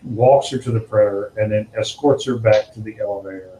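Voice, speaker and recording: A man hosting a podcast, casually telling an animated story and now and then putting on a higher voice for the people in it. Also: brisk, reverberant, a little hiss or hum, poor audio. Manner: animated storyteller, acts out quotes in a higher voice, laughs often. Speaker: podcast host.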